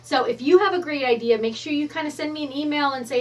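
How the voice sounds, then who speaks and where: A woman hosting a stamping craft tutorial, bubbly and excitable, gushing as she demonstrates at her work counter. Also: high voice, fast talker, far from the mic. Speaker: craft show host. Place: craft studio at counter height.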